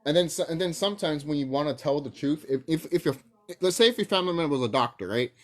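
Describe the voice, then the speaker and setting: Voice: mid-range voice, animated, fast. A young adult vlogger talking casually to camera in a profane, rambling rant full of fillers.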